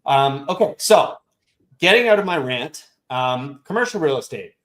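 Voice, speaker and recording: A man's voice: mid-range voice, lively intonation, moderate pace, a bit bright. A man hosting a round table discussion on a video call, ranting bluntly and swearing freely. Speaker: show host and real estate investor.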